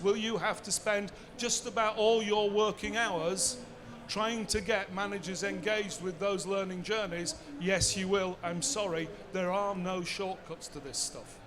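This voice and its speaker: A man's voice: high-pitched, steady tone, a little slow, few pauses, a crowd in the background. A man, giving a conversational conference talk and answering his own rhetorical questions. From Bradford, England. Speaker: seminar speaker.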